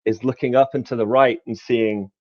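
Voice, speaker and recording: A man's voice: medium pitch, steady tone, normal speed, dry recording. British guy chatting from home, self-deprecating, dull dry call audio. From United Kingdom. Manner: self-deprecating, laughing often. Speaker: actor. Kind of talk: casual conversation.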